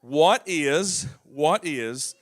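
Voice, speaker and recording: Man, Southern accent, church Bible teacher, quizzing children, encouraging, slightly high-pitched. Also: animated, drawn-out words. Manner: patient, prompting, encouraging. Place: church auditorium.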